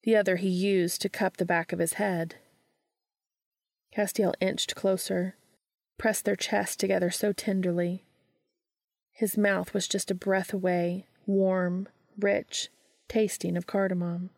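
A woman narrating a story aloud in a steady, measured way. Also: mid-range voice, creaky, no echo, studio quality.

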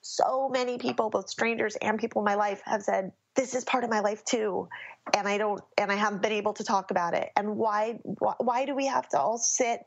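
A woman's voice: medium pitch, fairly quick, gravelly, slightly rough, muffled recording. A woman speaking as an interview guest in a candid personal conversation, often stopping and restarting as she searches for words.

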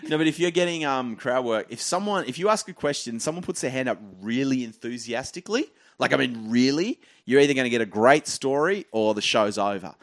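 A man with an Australian accent, a comedian telling stories with loud, animated delivery. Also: mid-range voice, fairly quick, hardly any pauses, dry recording, studio quality. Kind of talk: comedy podcast storytelling.

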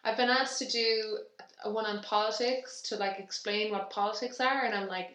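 A woman's voice: medium pitch, fairly even intonation, normal speed, a bit bright. A woman co-hosting a podcast, chatting casually with lots of fillers and restarts. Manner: rambling, filler-heavy, restarts. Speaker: podcast co-host. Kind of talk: casual chat. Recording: echoey room.

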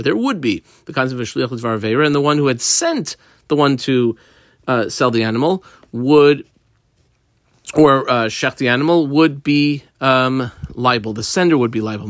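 A man giving a daily Talmud lesson, explaining the page casually with everyday examples and frequent pauses. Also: mid-range voice, fairly bright tone, no room sound, clean studio sound. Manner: halting, with frequent ums and restarts. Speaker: Talmud teacher.

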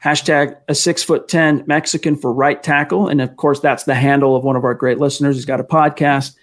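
His voice is a little high and fairly quick, with a flat delivery. As co-host of a casual sports talk livestream, he chats, reads out the chat and answers questions from fans.

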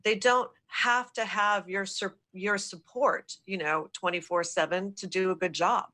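A woman's voice: mid-range voice, steady tone, sharp tone. A woman executive consultant answering questions in a business podcast interview, explaining in an affirming way. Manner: affirming, explanatory, quick repeated yeses.

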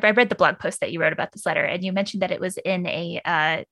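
A woman's voice: on the low side, fairly even intonation, fast, fairly bright tone. A woman hosting a podcast and interviewing guests in a conversational way, laughing easily. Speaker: podcast host.

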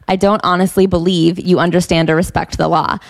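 A woman's voice: on the low side, a little fast, gravelly, dry recording. A young woman co-hosting a podcast, reading passages aloud and making dry, mocking remarks. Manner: dry, mocking, reads quotes flatly. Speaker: podcast co-host. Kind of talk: casual chat reading from a book.

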